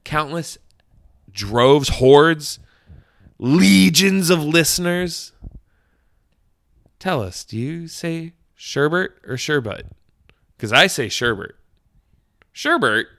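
Lively, bright-voiced young man co-host. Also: a little high, slow pace, gravelly, long pauses, dry recording. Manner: jokey, argumentative, repeats words for comic effect. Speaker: podcast co-host. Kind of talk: casual chat. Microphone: studio mic.

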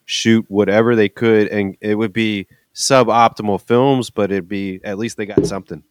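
A man with a fairly low voice chats on a podcast in a relaxed, easygoing way. He talks about his work. His voice is close and dry. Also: moderate pace, no echo. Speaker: podcast co-host, X-ray tech. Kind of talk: casual podcast chat.

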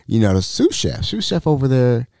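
Animated man telling a story, slangy. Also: mid-range voice, moderate pace, vocal fry, dry recording, studio quality. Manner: animated, slangy, acts out the people he quotes. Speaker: podcast host. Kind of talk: casual storytelling.

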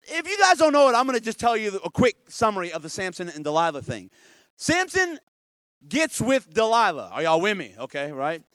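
A man preaching, retelling a Bible story as a comic story, swinging between loud outbursts and hushed asides. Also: sits high, wildly swooping pitch, a little fast, dry recording, clean studio sound. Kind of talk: comedic storytelling sermon.

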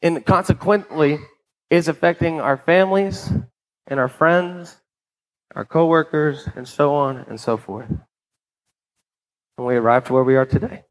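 A man preaching a sermon speaks at a measured pace, pausing often, in a slightly high voice captured on a rough recording. He keeps things conversational, checking in with "right?" and repeating words as he starts over.

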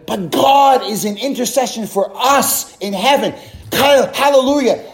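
A man's voice: very high voice, measured pace. A male pastor preaching a fervent sermon, with frequent hallelujahs and rhetorical questions to the congregation. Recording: roomy, echoing room.

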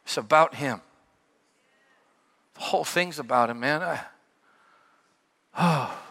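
A middle-aged male pastor preaching a sermon, telling stories with sudden shouted peaks and quieter asides. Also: on the high side, slow pace, vocal fry. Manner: animated storytelling with shouted peaks and dropped asides. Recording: long hall reverb.

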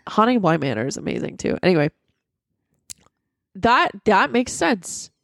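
Young woman co-host, lively swooping pitch, dry close sound, profane storyteller. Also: normal speed, gravelly, dry recording. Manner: animated, profane, acts out quotes. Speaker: podcast co-host. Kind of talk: casual storytelling chat.

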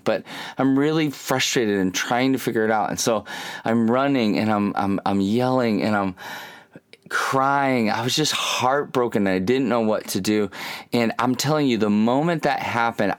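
A man's voice: fairly low pitch, clear, resonant tone. A man giving a candid, earnest personal testimony in a devotional talk, telling his story with restarts. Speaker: speaker giving a faith talk.

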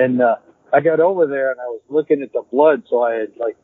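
A man, a hunter and podcast guest, telling a story in a rambling, animated way and repeating "I said" as he acts out the dialogue. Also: medium pitch, fast, husky, dry recording. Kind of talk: casual storytelling. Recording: tinny phone-like, dry.

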